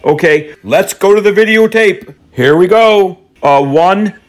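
A man placing a prank call in a slightly raised voice, reeling off absurd lists with a straight face. His delivery is deadpan and rambling, quietly playful. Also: sits high, a little slow. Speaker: prank caller.

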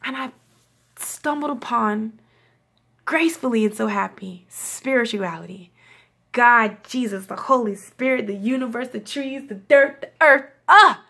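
A woman's voice: fairly high pitch, measured pace, sharp tone. A young woman hosting a spiritual reading channel, talking in a casual, effusive way, swearing freely and laughing often.

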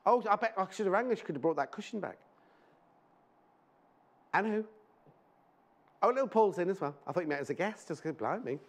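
A man's voice: sits high, animated, brisk, long pauses. A man presenting a live shopping show in a TV studio, chatting in rambling anecdotes and speaking fondly to viewers.

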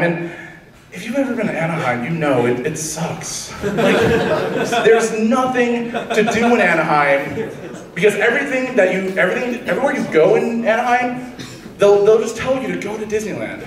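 A man's voice: high-pitched, reverberant, distant mic, rough recording. A man in his twenties telling a rambling stand-up story on a comedy stage, laughing at his own jokes.

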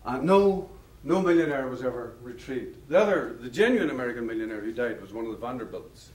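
A man's voice: mid-range voice, lively intonation, a little fast, darkish tone. Man lecturing in an echoey hall. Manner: discursive, anecdotal, chuckles at his own stories. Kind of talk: public lecture with storytelling. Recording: roomy hall, mic far off.

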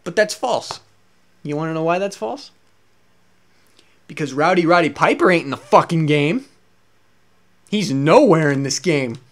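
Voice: medium pitch, animated, a little slow, long pauses. A let's play commentator in an angry, profane rant, firing exasperated rhetorical questions at the game's makers.

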